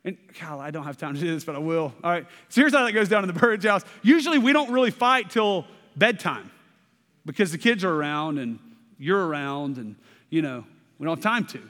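A man's voice: fairly high pitch, animated, brisk, fairly bright tone. A man in his thirties preaching a sermon in a conversational way, often checking in with "okay?" and repeating words as he restarts. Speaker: pastor. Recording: long hall reverb.

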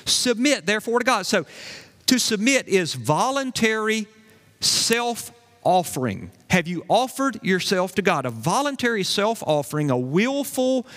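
A man's voice: high-pitched, big pitch swings, a little slow, fairly bright tone. A male pastor preaching a sermon, emphatic, repeating key phrases and asking his congregation questions. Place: church sanctuary. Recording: long hall reverb.

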